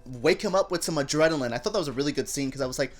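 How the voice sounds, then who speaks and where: A woman's voice: sits low, very fast, faint music behind. A woman hosting a casual TV review vlog, gossipy and campy in manner. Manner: animated, gossipy and campy, with playful voices for quotes. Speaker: TV review show host.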